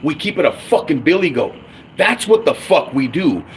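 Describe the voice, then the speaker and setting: A man's voice: a little high, sing-song, moderate pace, slight background noise. A man in his forties ranting angrily and profanely as a fan on his own livestream. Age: 40s. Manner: angry, profane, blunt. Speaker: livestream host.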